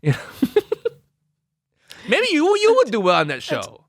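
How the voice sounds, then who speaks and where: Man, podcast co-host, casual chat, deadpan teasing, bright tone, dry close sound. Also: sits high, takes it slowly, dry recording.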